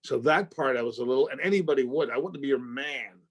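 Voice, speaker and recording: Being interviewed, a middle-aged actor speaks fast in a medium pitch with a breathy edge. He animatedly recounts a story, playing out phone calls full of curses and loud outbursts.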